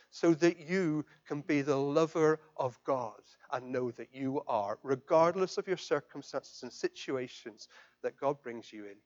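Impassioned high-voiced male preacher. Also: muffled recording. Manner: impassioned, rising to loud emphatic declarations then dropping soft. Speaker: pastor. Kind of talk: sermon.

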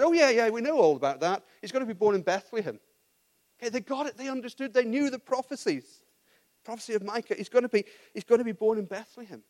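A man's voice: high voice, a little mellow. A man preaching a sermon in a conversational, self-deprecating way, with frequent restarts and asides.

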